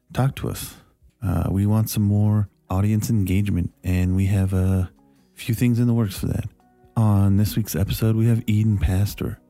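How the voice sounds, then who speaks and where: A man hosting a podcast, talking in a relaxed, rambling, slightly self-deprecating way. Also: low voice, no echo. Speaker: podcast host. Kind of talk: casual podcast chat. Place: Las Vegas studio.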